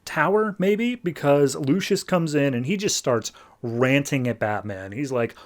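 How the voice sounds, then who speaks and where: A man's voice: on the high side, measured pace. A man hosting a podcast, recapping a story in a loose, rambling way. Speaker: podcast host. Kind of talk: casual comic recap.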